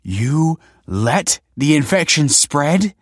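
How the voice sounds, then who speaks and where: A man voicing a distraught middle-aged wife in a high, strained falsetto for a dark audio story. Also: sing-song, slow, no room sound, studio quality, exaggerated voice.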